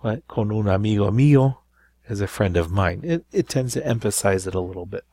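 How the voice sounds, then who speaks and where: A man's voice: on the low side, expressive, fairly quick, warm tone, no echo. A man teaching a recorded Spanish grammar lesson, explaining step by step and checking in with frequent "right?".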